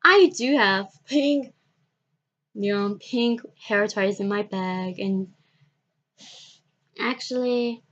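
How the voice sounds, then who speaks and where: A woman vlogging, telling a personal story in a halting, repetitive way and often restarting her sentences. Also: medium pitch, fairly bright tone, highs cut off.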